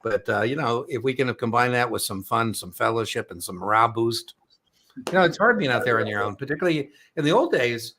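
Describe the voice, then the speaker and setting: A man's voice: medium pitch, lively intonation, a little fast, bright, forceful tone, a little hiss or hum. A middle-aged man hosting an exam prep live stream, chatting casually and telling rambling, joking stories.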